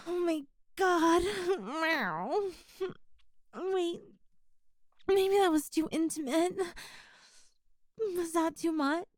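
A woman voicing a lonely, clingy stray catgirl in an intimate audio role-play, meowing between sentences with soft sighs. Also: very high voice, fairly even intonation, slow pace, pauses often, no room sound, clean studio sound. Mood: flustered. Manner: meows between sentences, breathy sighs, flirty and playful.

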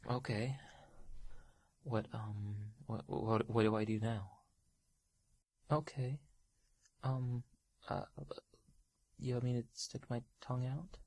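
A woman's voice: very deep voice, fairly even intonation, slow pace, pauses often, a little mellow, breathy edge, dry recording. A young woman in a solo audio role-play, speaking in a hesitant, stammering, pleading way and often dropping to a whisper.

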